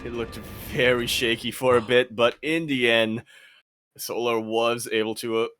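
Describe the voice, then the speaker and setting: A man casting a live video game match, with excitable play-by-play that rises to shouts at big moments. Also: mid-range voice, normal speed, a little hiss or hum. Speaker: esports caster.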